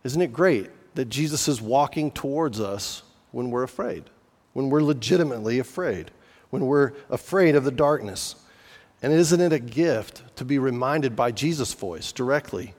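A man gives a sermon in a relaxed, conversational way, breaking off and restarting his sentences as he talks to the congregation. His mid-pitched voice rings out with a long reverb from a large hall. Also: normal speed. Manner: conversational preaching with restarts and asides. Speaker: pastor.

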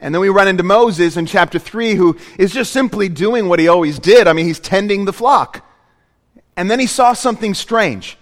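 A man with a fairly high voice preaches a sermon in a church, earnest and storytelling. He leans on emphatic repetitions, and his words ring out with a long reverb through the hall. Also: normal speed. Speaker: pastor.

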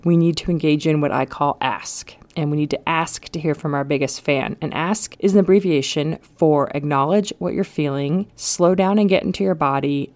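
A woman with a low voice hosts a solo podcast. She talks in a casual, chatty way, pokes fun at herself, and lets small laughs slip in. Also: a little mellow. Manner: chatty and self-deprecating, with light laughs. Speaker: podcast host.

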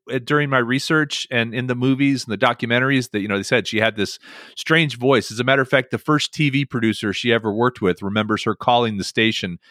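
A male podcast host telling stories in a lively way. His pitch rises and falls a lot, and his tone is bright and forward. The sound is dry and close to the mic. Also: no echo. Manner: animated storytelling with many fillers. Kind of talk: casual chat podcast.

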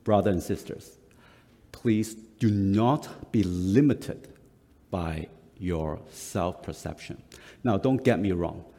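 A middle-aged man from Singapore, a pastor, delivers a sermon in an unhurried, halting way, full of pauses and restarts. His voice sits a little low. The long reverb of a big church hall trails after his words. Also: mellow. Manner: slow, halting, with frequent uh fillers and self-corrections.

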